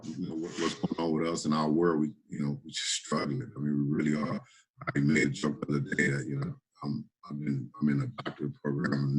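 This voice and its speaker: A man's voice: extremely low pitch, breathy edge, rough recording. A man, a middle school principal, talking earnestly and informally in a panel discussion over a video call, often repeating words as he goes.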